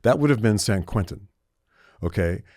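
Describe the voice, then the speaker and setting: A man's voice: on the low side, lively intonation, moderate pace, darkish tone, no echo, clean studio sound. An older man in his seventies, a podcast co-host telling a long story in casual chat, rambling with restarts and acting out the voices he quotes.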